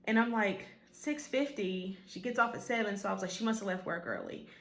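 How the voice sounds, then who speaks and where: A woman's voice: mid-range voice, a little fast, creaky, fairly bright tone. Echoey woman telling an emotional story. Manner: emotional retelling, quoting others, filler-heavy. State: tearful at times. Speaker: vlogger. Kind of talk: personal storytelling to camera.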